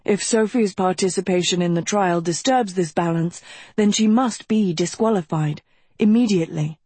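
A woman voicing a calm, sensible male professor who speaks in a measured, authoritative way, close to her own voice. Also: lowish voice, breathy edge, dry recording. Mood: grave.

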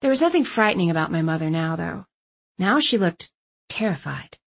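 A woman's voice: on the low side, animated, fairly quick, gravelly, breathy edge. Woman narrating a wry audiobook. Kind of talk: first-person scripted narration.

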